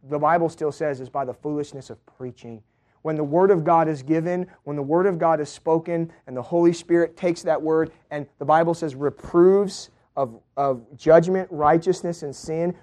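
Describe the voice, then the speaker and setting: A male preacher delivering a sermon, moving from quiet teaching to loud proclaiming. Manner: builds from low, quiet teaching to loud, high-pitched proclaiming.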